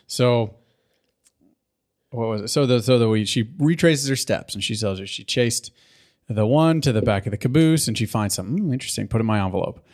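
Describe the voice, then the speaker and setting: A man's voice: mid-range voice, moderate pace, darkish tone. Laid-back swearing podcast man. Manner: profane, laughing often. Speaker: podcast co-host. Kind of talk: casual chat.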